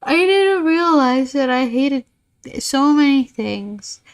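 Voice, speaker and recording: A woman streaming a game, chatting loosely to her viewers in a tired, rambling way. Her humor runs dry and sarcastic, with playful mock insults. Her voice sits somewhat high for a woman. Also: lively intonation, slow. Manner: rambling, self-mocking, sarcastic. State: tired, yawning. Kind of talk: casual game-stream chat.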